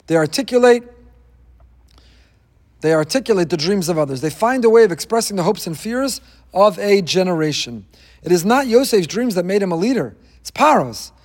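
A man with a high-pitched voice teaching a weekly Torah class, dropping in wry jokes and asides. His words ring out with a long reverb, as in a large hall. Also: darkish tone.

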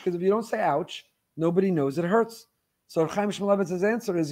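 A Torah teacher with a notably high, slightly mellow voice gives a weekly faith lecture a little fast. He speaks fervently, repeating phrases and firing rhetorical questions to hammer his points home.

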